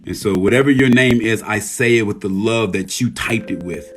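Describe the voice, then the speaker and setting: A hoarse man hosting a casual livestream, reading out viewer names and speaking earnestly, with frequent swearing. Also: fairly low pitch, normal speed, soft background music. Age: adult, a military veteran. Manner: warm shout-outs reading viewer names. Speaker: livestream host.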